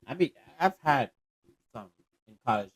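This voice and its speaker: A man's voice: mid-range voice, lively intonation, moderate pace, breathy edge, no echo. A man co-hosting a podcast, trading playful, teasing banter in casual chat. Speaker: podcast co-host.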